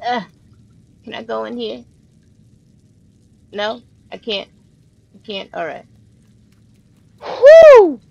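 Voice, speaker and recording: A young woman streaming a horror game, cursing, yelling at the screen and laughing nervously as she plays. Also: a little high, huge pitch swings, very slow, gravelly, long pauses, highs cut off. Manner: laughs nervously between jumps. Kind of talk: live gameplay commentary.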